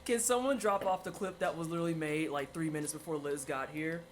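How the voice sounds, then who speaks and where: A woman's voice: sits low, fast, slight background noise. A woman livestreaming while she bakes, chatting casually with her viewers, laughing and exclaiming often. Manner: giggly, exclaiming, teasing chat. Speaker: streamer.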